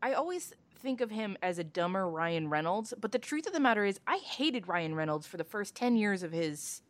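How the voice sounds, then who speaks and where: A woman in casual movie chat, blunt and skeptical, with a lively delivery. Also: mid-range voice, moderate pace.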